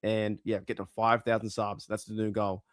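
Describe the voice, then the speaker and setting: Excitable male fan host, dry voice. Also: lowish voice, moderate pace, no room sound. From Australia. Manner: chatty and excitable, swears casually. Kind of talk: casual live-stream chat.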